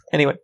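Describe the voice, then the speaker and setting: A man hosting his own podcast, chatting casually and rambling with lots of ums and swearing. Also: rough recording. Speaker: podcast host. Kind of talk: casual solo podcast chat.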